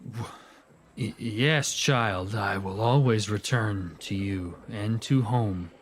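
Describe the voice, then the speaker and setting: A man playing a tabletop game, describing his character's actions earnestly and deliberately. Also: on the low side. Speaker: player.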